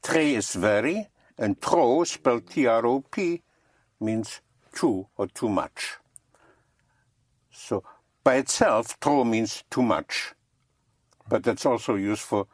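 Man teaching a class, slow and patient, husky, low voice, dry sound. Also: lively intonation, no room sound. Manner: slow, repeats and spells out words for learners. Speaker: French teacher.

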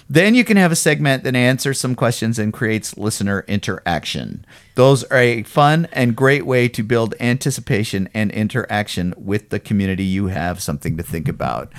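Hoarse man hosting a chatty podcast. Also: medium pitch, animated, normal speed, no room sound, studio quality. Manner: rambling, self-deprecating, swears casually. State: hoarse, frog in throat. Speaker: podcast host. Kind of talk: casual podcast chat.

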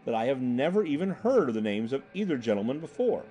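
A man's voice: medium pitch, very animated, quick pace, mellow, lightly acted. A man doing an eager young traveler. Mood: earnest. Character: polite young male traveler, eager and earnest.

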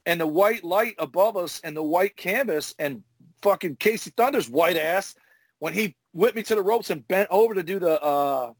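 A man, a former wrestler, telling profane, animated stories in casual podcast chat. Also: high-pitched, normal speed, dry recording. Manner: profane, animated storyteller acting out moves. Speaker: retired pro wrestler, podcast host.

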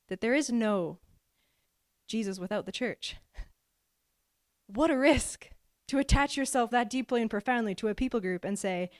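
A woman's voice: fairly high pitch, dry recording, studio quality. A woman in her thirties preaching a sermon, earnest and heartfelt, often repeating words as she starts a phrase. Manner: earnest, repeats words when starting a phrase, voices God's lines with feeling.

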